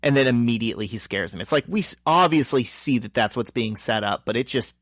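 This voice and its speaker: A man on a podcast walks through a comic's plot with wry humor, tossing in quick character voices. His voice sits at an ordinary middle pitch. The sound is close and dry, with no room echo. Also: lively intonation, a bit bright. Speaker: podcast co-host. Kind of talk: casual chat recapping a comic.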